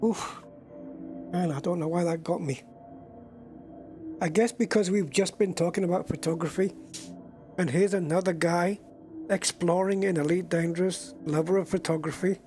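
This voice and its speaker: A man's voice: high-pitched, fairly even intonation, moderate pace, darkish tone, faint music behind. A man streaming a space game, chatting in a rambling, casual way and getting easily moved. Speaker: gaming streamer. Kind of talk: casual gameplay commentary.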